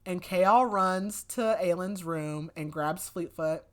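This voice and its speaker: On her podcast, a low-voiced young woman runs through a novel in an easygoing, conversational way. "Like" and "whatever" come up constantly, and she tosses off rough, playful impressions of what the characters said.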